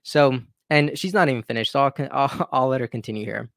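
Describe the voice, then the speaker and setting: A man's voice: medium pitch, brisk, vocal fry, a bit bright, no echo, studio quality. A man hosting his own commentary channel, talking in an opinionated, conversational way and restarting his sentences. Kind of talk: casual political commentary.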